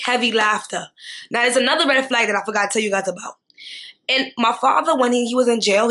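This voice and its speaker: Animated young woman telling a story. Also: a little high. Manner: animated, slangy, repeats tag questions. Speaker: vlogger. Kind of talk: storytime vlog.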